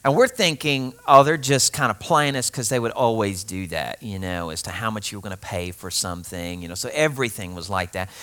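Speaking a little fast with few pauses, a pastor whose voice is on the low side tells a personal story during his sermon. He keeps it lively and conversational, frequently laughing and talking straight to the congregation.

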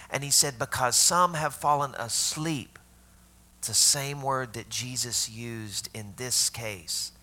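A man's voice: mid-range voice, pushed and bright. A man preaching a sermon, telling the story conversationally, asking his listeners questions and dropping to a whisper for tender moments. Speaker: pastor.

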